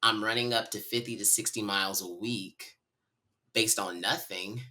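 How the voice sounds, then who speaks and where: Low, bright-voiced storytelling man. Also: normal speed. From North Carolina. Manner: animated, candid, talks to listeners as y'all. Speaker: podcast guest. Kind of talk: personal storytelling in a conversation.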